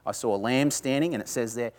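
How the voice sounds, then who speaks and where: A man's voice: mid-range voice, quick pace, darkish tone. Conversational male preacher. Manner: conversational, rising to emphatic bursts; asks the audience questions. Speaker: pastor. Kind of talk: sermon.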